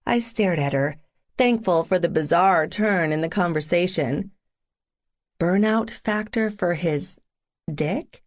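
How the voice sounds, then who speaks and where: A woman's voice: lowish voice, slow. A woman reads a first-person audiobook aloud. Her narration is dry and wry, with a self-deprecating edge.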